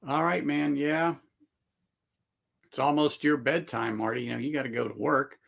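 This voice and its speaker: A man's voice: mid-range voice, fairly even intonation, normal speed, gravelly, fairly bright tone. A man hosting a casual livestream chat, rambling with many fillers and restarts and laughing often. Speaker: livestream host.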